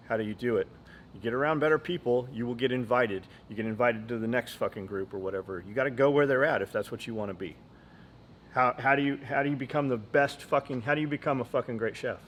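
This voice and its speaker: A blunt, foul-mouthed man hosting a casual podcast, rambling between stories with a mid-pitched voice. His delivery is loose and unscripted. A faint noise floor sits under the recording. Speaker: podcast host.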